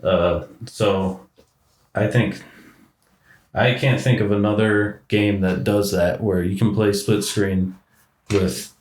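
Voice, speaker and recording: Man, podcast co-host, low and even delivery, methodical, roomy sound. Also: takes it slowly, pauses often. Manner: steady, explains points methodically. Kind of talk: casual chat.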